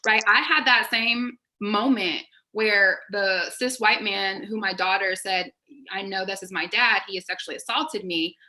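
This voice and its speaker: A woman's voice: mid-range voice, fairly even intonation, unhurried, pushed and bright, rough recording. A woman speaking passionately and intensely as a panel guest in a casual conversation, affirming the other speaker.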